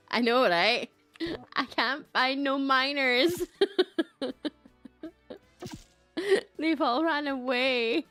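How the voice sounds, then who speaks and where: This Scottish woman speaks in a high, sharp-toned voice, very slowly and with long pauses, over faint background music. On her livestream she chats casually about the game, reads aloud, mocks herself, and laughs often.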